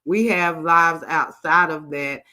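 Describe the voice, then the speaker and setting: A woman's voice: low-pitched, steady tone, slow pace, pushed and bright. A woman casually commenting on a livestream, reading messages aloud in a drawl and greeting her viewers by name. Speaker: channel host reading screenshots to live viewers.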